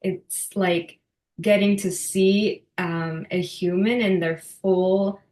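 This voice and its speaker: A woman's voice: medium pitch, fairly even intonation, slow pace, darkish tone, echoey room. A woman in her thirties speaking as a podcast guest, heartfelt and emotional, with many fillers and restarts. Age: 30s. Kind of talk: casual heartfelt interview talk.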